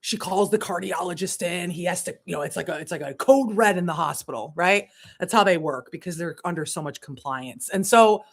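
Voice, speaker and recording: A woman spiritual coach telling a personal story on a casual livestream, animated, cursing and laughing as she talks. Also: fairly low pitch, fairly quick.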